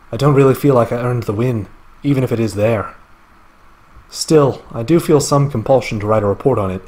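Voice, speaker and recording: A man reading a male player's game report aloud in a deliberately bad put-on Scottish accent that drifts into other accents. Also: mid-range voice, a little mellow, natural voice. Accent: put-on Scottish, slipping into other accents. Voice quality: wavering mock accent, wry storytelling. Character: male Austrian player recounting his game.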